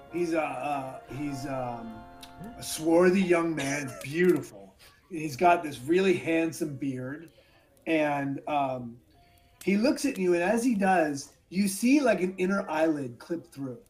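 A man running a tabletop game as dungeon master, his voice sitting a bit on the high side. He narrates theatrically and drops low for the eerie parts. He often stops and restarts mid-phrase. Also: lively intonation, unhurried, a little mellow, faint music behind.

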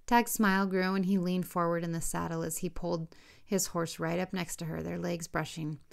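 Woman, author narrating audiobook, steady unhurried reading, low voice, gravelly fry. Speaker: author reading her own novel.

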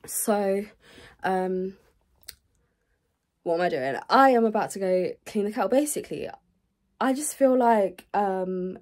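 A woman's voice: mid-range voice, measured pace, pauses often, a little mellow. A young woman, stuffy-nosed from the cold, rambling chattily to camera in a vlog, full of fillers and "guys". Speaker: vlogger. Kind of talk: casual chat to camera. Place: home, indoors, small rooms.

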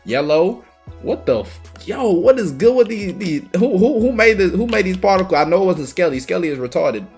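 A young man giving excitable, swearing gameplay commentary as a video host, trash talking the other players and breaking into yells. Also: high voice, brisk, soft background music. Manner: excitable, swearing trash talk with bursts of yelling. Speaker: gaming YouTuber.

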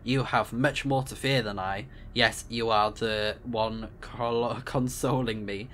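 A man's voice: medium pitch, steady tone, slow, fairly bright tone, a little hiss or hum. A man reading out the lines of a formal, dutiful male starship AI in a stiff, polite manner, with small stumbles. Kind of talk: reading game dialogue aloud.

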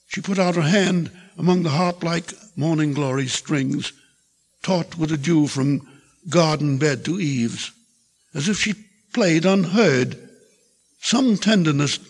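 Older male poet, measured recitation, slightly high rasp, long hall echo on an old tape. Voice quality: gravelly, husky voice. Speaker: poet giving a lecture. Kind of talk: poetry reading. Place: large lecture hall. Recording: reverberant hall from a 1960s archive tape.

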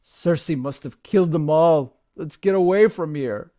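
A man's voice: fairly high pitch, measured pace, dark tone, voice pushed up, lightly acted. Guy doing a scared sailor begging to leave, storybook voice. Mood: miserable. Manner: pleading, miserable. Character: terrified young sailor man, sobbing and pleading.

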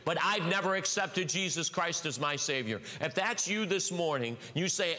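A man preaching a sermon in a church, telling a story and dropping low and quiet at the ends of phrases before rising again. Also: moderate pace. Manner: storytelling, swings from hushed lows to raised highs. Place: church sanctuary. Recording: long hall reverb.

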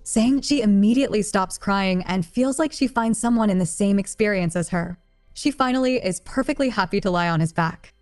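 A woman narrating a translated romance novel as an audiobook, in a plain, even read-aloud delivery. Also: mid-range voice, normal speed. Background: faint music.

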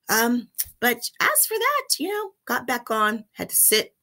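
A middle-aged woman with a lilt recounts a trip in a relaxed, chatty vlog. Her voice is bright and forward, pitched a little low for a woman, and she talks to viewers as y'all. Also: gravelly. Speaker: vlogger. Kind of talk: casual storytelling vlog.

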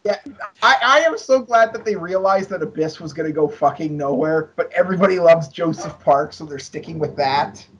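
A man's voice: a little high, moderate pace, fairly bright tone, husky, dull audio. A man co-hosting a wrestling podcast, wry and casual, swearing freely. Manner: wry, swears, keeps count of felonies. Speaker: podcast co-host. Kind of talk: casual chat.

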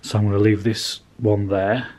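A man's voice: on the low side, little pitch movement, normal speed, darkish tone. A man casually narrating his car restoration work in a garage workshop, plain-spoken and chatty with some swearing.

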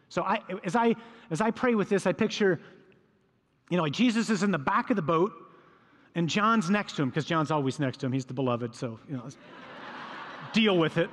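A priest preaches a sermon in a voice fairly high for a man, telling scripture as a lively story. He slips into the voices of the disciples and other figures, and the sound rings with the long reverb of a large hall.

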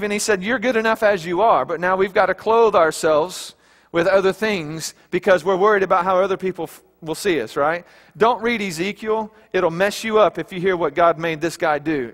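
A man with a high, light voice preaches in a church sanctuary, his words trailing into a long hall reverb. He talks to the congregation plainly and conversationally, tossing out rhetorical questions as he goes. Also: a bit bright. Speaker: pastor. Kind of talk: sermon.

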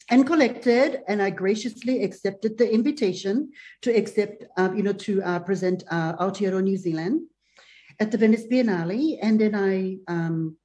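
A woman's voice: medium pitch, a little mellow. A woman speaking as an artist guest at a live panel, telling a long-winded, hesitant story full of fillers.

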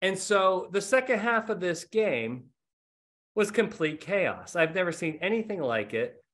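A man's voice: high voice, very animated, a little slow, fairly bright tone. A middle-aged man hosting a podcast, telling stories in casual, self-mocking chat. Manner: rambling storyteller, self-mocking. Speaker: podcast host.

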